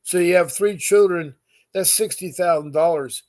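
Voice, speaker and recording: A man's voice: high voice, normal speed, darkish tone. A middle-aged man talking straight to his viewers, giving earnest, insistent advice that repeats its points, with many fillers. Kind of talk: direct-to-camera advice talk.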